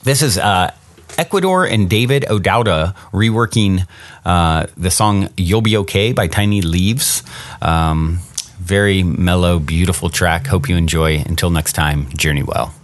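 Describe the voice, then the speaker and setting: A man's voice: deep voice, a little slow, no echo. A man hosting a reflective solo podcast, talking earnestly and encouragingly and putting rhetorical questions to his listeners. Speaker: podcast host.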